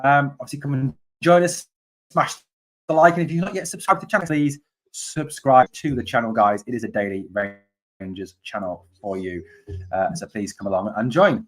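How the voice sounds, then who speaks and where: A man hosting a live fan watch-along of a football match. He calls the play, chats with viewers about their comments and sometimes shouts at his team in exasperation. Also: mid-range voice, normal speed. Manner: chatty, reads out and answers viewer comments. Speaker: fan channel host.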